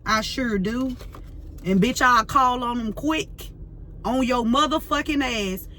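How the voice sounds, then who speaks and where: A woman's voice: on the high side, a little slow, pushed and bright, a little hiss or hum. A woman tarot reader ranting to camera, fiery and profane, full of slang and repeating herself as she vents. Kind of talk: heated unscripted rant to camera.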